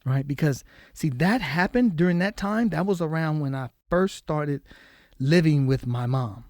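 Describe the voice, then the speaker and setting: As a guest on a podcast, a man haltingly recounts something painful from his life, repeating words as his voice frequently sinks low and soft. It's a studio-quality recording without room sound.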